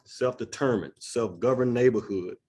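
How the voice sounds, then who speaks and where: Speaking at a normal pace, this man has a medium-pitched, slightly mellow voice with a breathy edge. As executive director of a neighborhood nonprofit, he presents earnestly and conversationally to the community in a church room, frequently asking "right?".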